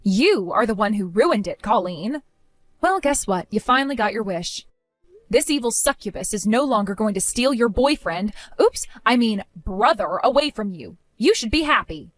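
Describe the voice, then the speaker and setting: A woman narrating her own dramatic story, speaking in a cold, indignant and forceful way. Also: medium pitch, animated, normal speed, no room sound, soft background music. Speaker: narrator of a first-person story.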